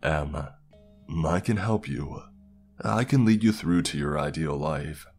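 A man voicing a genderless, all-knowing being at the edge of the internet, speaking slowly and plainly. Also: extremely low pitch, darkish tone, faint music behind. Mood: ominous. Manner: slow, plain, commanding.

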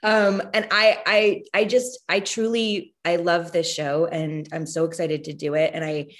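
A woman guest on a podcast interview, speaking in a rather low voice. She comes across as effusive and gushing, with laughter often breaking into her words. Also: little pitch movement, unhurried. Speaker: actor guest. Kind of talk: casual interview chat.

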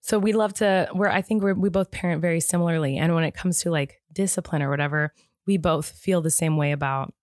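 A woman co-hosting a casual chat, telling stories in a chatty, animated way. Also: low voice, no room sound, clean studio sound. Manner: chatty, animated storytelling with many "like"s. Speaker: podcast co-host.

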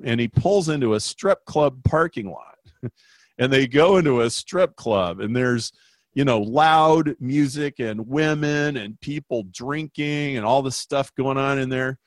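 Brief: male guest consultant, emphatic and animated storyteller, mid-pitched, dry close mic. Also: a little slow, no room sound. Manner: animated, emphatic, acts out quoted voices. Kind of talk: storytelling in a podcast interview.

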